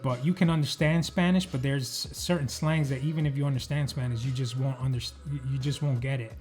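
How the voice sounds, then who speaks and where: A male podcast host from the United States talks in an easy, mid-pitched voice. He rambles casually, leaning on fillers and letting thoughts trail off. Faint music sits under the recording. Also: steady tone, a little fast, a little mellow. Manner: loose, filler-heavy, trails off mid-sentence. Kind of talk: casual chat.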